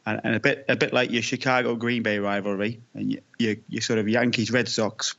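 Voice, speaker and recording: A man's voice: fairly low pitch, little pitch movement, brisk, vocal fry, fairly bright tone. A man from England co-hosting a casual sports podcast, jokey and self-deprecating. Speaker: podcast co-host. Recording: dull lo-fi sound.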